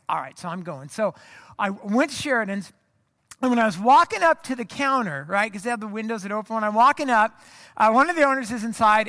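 A pastor from the of America, a man with a very high voice, tells a self-mocking story from the pulpit. His sound is bright and forward. He chats with the congregation in a loose, casual sermon.

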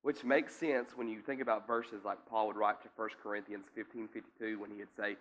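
A man preaching a teaching sermon in a conversational way, often checking in with listeners and now and then coughing or clearing his throat. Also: on the low side, fairly even intonation, brisk, a bit bright. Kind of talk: sermon teaching with scripture reading.

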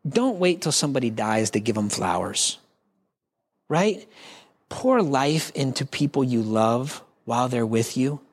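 A pastor delivers his sermon like a chat with the congregation, mixing jokes and asides into his teaching. His voice sits at an ordinary pitch for a man, and he throws in little acted-out voices and quick questions to the room. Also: animated. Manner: conversational, joking preaching with asides to the congregation; acts out quoted voices.

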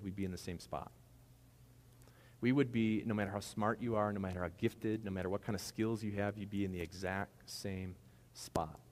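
A man preaching a sermon in a conversational, animated way, with casual asides to the congregation. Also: lowish voice. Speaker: pastor. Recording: long hall reverb.

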